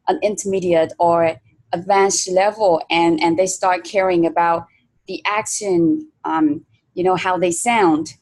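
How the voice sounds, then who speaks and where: A woman's voice: lowish voice, darkish tone. Woman hosting an interview. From Vietnam. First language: Vietnamese. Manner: thoughtful, uses many fillers. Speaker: host. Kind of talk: interview conversation.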